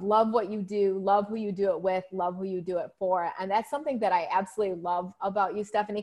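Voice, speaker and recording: A woman hosting an interview podcast, praising her guest enthusiastically and asking questions. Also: medium pitch. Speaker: podcast host.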